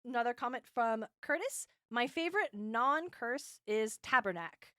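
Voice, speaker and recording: A young woman co-hosts a podcast in casual, rambling chat full of fillers and easy laughter. Her voice sits a little high. The recording is dry and close, with no room sound. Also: lively intonation, normal speed, bright, forceful tone, clear, resonant tone, dry recording. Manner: chatty, many fillers, laughs often. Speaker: podcast co-host. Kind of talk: casual podcast chat, reading listener comments.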